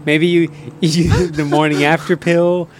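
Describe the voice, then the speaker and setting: A man with a slightly high voice, joking crudely and riffing in a relaxed podcast chat. There is faint background noise under the recording. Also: measured pace. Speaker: podcast co-host. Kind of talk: casual podcast banter.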